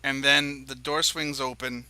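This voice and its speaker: A man's voice: mid-range voice, level tone, measured pace, pushed and bright, clear, resonant tone. A man narrating a tabletop game as game master, in loose, descriptive narration.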